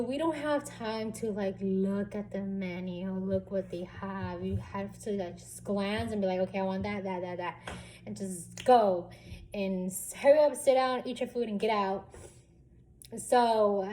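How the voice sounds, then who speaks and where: Slow-talking chatty young woman vlogger. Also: medium pitch, slight background noise. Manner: chatty, animated, many fillers. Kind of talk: casual storytelling vlog.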